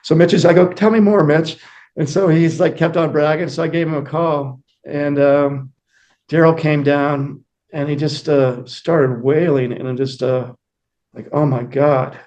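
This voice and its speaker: A man talks as a guest in a casual interview, wandering through anecdotes. He fills gaps with fillers and acts out what people said. His voice sits a little higher than most men's. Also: little pitch movement, a little slow, a little mellow. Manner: rambling anecdotes with many fillers and acted-out quotes.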